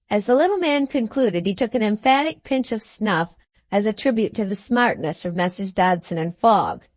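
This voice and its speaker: A woman narrating a classic novel in a steady, measured storytelling voice. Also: mid-range voice, no room sound. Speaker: audiobook narrator. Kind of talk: scripted audiobook narration.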